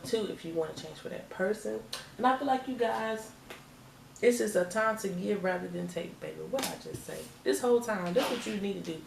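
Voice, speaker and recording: Gravelly woman reading tarot. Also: mid-range voice, slight background noise. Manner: chatty, emphatic, repeats phrases, laughs often. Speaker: tarot reader. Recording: echoey room, distant mic.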